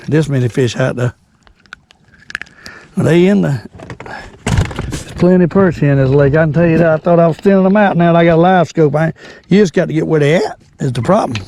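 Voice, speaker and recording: An older man hosting a fishing vlog from a boat, folksy and excitable, repeating his exclamations. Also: on the high side, slight background noise, rough recording. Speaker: fishing channel host. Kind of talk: casual fishing vlog narration. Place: on a boat on a lake.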